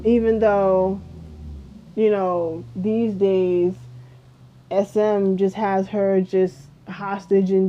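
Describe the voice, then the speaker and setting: A young woman vlogging a casual music review, chatty and rambling with lots of fillers, sleepy and yawning. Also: mid-range voice. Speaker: K-pop vlogger. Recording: dull lo-fi home recording.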